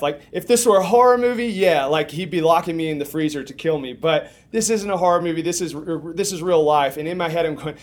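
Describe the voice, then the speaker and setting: A young man preaching, telling a funny story with big swings from hushed lines to shouted ones. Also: fairly high pitch, a little fast, slight background noise. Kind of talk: storytelling sermon.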